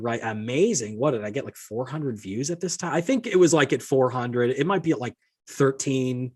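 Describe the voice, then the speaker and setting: A husky, mid-range male voice with lively intonation and normal speed belongs to a podcast host on a solo rant. Indignant and fed up, he curses frequently while reading out messages he's been sent.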